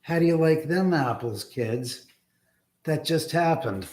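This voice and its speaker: A man's voice: on the high side, slow pace. Profane, rambling man hosting a livestream. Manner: rambling, profane, animated storyteller. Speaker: livestream host. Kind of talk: casual livestream storytelling. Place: his own house, indoors.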